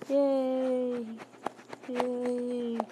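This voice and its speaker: Woman, playful game commentator, fairly high voice, slow, loud noise bed. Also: completely flat delivery. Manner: playful, giggly, silly. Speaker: gaming video creator.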